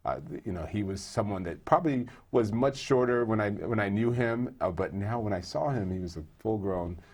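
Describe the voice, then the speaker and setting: A man with a low, slightly husky voice speaks as an interview guest. He talks earnestly and conversationally, slipping into stories and restarting his sentences as he goes. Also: brisk. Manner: earnest, storytelling, many fillers and restarts. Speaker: guest, employee group co-leader.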